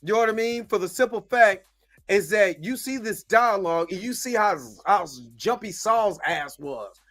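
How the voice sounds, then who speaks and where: A man's voice: high voice, fairly bright tone, faint music behind. A man hosting his own show, giving a slangy, casual episode recap and often asking "you know what I'm saying". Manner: acts out the characters' lines in quick bits. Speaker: show host.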